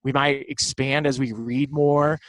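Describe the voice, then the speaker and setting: A baseball broadcaster in his thirties, hailing from Southern California, relaxes into storytelling as a guest in an informal interview. He speaks in a steady mid-range voice, a little slowly, on audio that's poor but free of echo.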